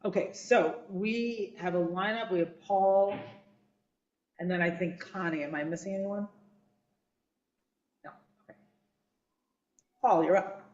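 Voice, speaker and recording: A woman leading a text study discussion, lively and affirming as she moderates speakers. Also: fairly low pitch, unhurried, pauses often. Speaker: discussion leader. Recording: echoey, dull room sound.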